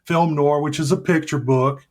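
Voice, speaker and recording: A man's voice: on the high side, steady tone, normal speed, darkish tone. A man guest on a movie podcast, chatting casually and often restarting his sentences. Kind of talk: casual interview chat.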